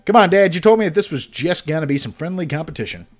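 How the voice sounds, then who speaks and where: A man doing a deadpan teen girl. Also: a little high, quick pace. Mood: dry. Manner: dry, deadpan. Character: deadpan sarcastic teenage girl.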